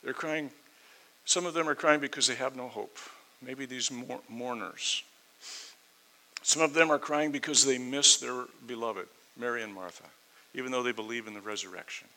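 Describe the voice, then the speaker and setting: A man preaching a sermon, reading scripture aloud and then explaining it in a conversational way, swinging between loud emphasis and quiet asides. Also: medium pitch, moderate pace, low-quality recording. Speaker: pastor. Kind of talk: sermon, verse-by-verse Bible teaching.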